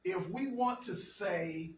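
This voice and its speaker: A man's voice: sits high, slow pace. Distant man teaching in echoey hall. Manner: patient, checks understanding with frequent "okay?". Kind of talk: classroom language lesson. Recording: roomy, distant, faint background noise.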